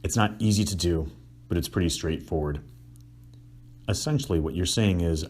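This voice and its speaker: Middle-aged male counselor, husky and low, animated teacher who acts out feelings. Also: normal speed. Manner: animated, acts out emotional examples with sighs and sound effects. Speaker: couples counselor. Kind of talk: explanatory teaching talk.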